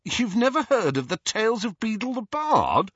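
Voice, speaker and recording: A man's voice: on the low side, huge pitch swings, normal speed, fairly bright tone, slightly rough, no room sound, heavily acted. A man voicing an easygoing, joking teenage boy who talks bluntly, in an audiobook reading. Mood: incredulous. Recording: dull lo-fi audiobook recording.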